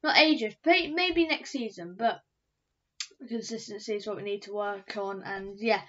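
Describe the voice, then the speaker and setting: A woman's voice: mid-range voice, unhurried, fairly bright tone. A woman giving a fan's match review vlog, ranting in frustration and repeating herself. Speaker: football fan reviewer. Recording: dull lo-fi recording.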